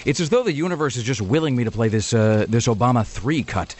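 A man's voice: medium pitch, expressive, fast talker, darkish tone. A man hosting a talk radio show, telling rambling, sardonic stories in casual banter. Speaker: radio host.

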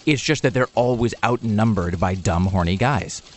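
A man's voice: on the low side, normal speed. A man hosting a radio talk show, bantering wryly and rambling through a sponsor read with plenty of fillers. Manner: rambling, wry, full of fillers.

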